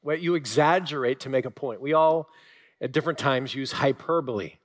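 A male preacher, mid-range in pitch and fairly quick in pace, shares stories in his sermon, punching up moments with animation and then falling suddenly quiet.

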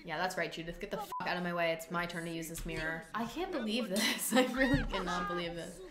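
A woman hosting a gaming video, giving excitable let's-play commentary with frequent swearing and joking self-mockery. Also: on the low side, quick pace, over a noisy crowd. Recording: roomy room sound.

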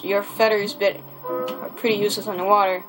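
A man's voice: high-pitched, level tone, poor audio. Young man chatting over game music. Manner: chatty, rambling, restarts often, quick mild cursing. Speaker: let's play gamer. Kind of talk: casual gameplay commentary.

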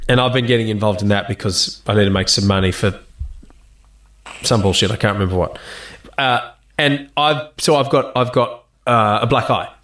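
An Australian man, a guest actor and musician, chatting casually in an interview, telling lively stories, laughing and swearing freely. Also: lowish voice, normal speed. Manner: animated storyteller, laughs often, swears casually.

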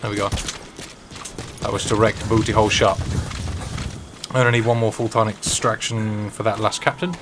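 A man's voice: on the low side, level tone, moderate pace, pauses often, background noise. A man giving casual, joking live-stream commentary while he plays and chats to the game's characters. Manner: joking, chatty, talks to the game characters. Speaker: gaming streamer.

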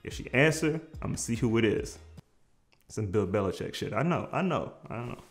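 A man telling a funny personal story in casual slang, animated and prone to shouting out the lines he quotes. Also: mid-range voice, moderate pace, soft background music. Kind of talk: comedic storytelling.

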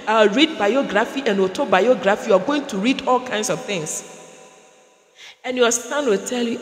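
A woman's voice: a little high, lively intonation, moderate pace. A woman prophetess preaching a sermon, building through repeated phrases and acted-out dialogue. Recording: echoey hall with long reverb.

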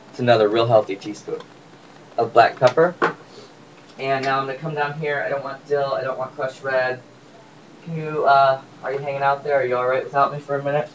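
Playful man chatting through a cooking video. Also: medium pitch. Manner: chatty and playful, joking asides to viewers. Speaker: home cook vlogger. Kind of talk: casual cooking demonstration. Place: home kitchen. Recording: distant mic with faint room noise.

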